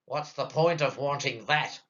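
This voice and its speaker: A man's voice: medium pitch, measured pace, fairly bright tone, lo-fi sound, close to an everyday voice. An Australian man voicing a blunt, unsmiling male doctor in a comic poem, curt and matter-of-fact.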